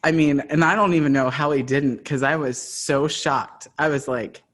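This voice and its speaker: A man's voice: on the high side, moderate pace, fairly bright tone. A man hosting a casual podcast conversation, talking in an earnest, conversational way and drawing out his guest with questions. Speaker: podcast host.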